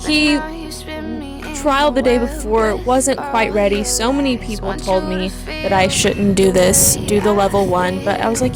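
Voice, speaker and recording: A woman's voice: mid-range voice, fairly even intonation, normal speed, music in the background. A woman, a dog handler, chatting through her trial video and quoting her own nervous thoughts. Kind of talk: casual voice-over commentary on a trial video.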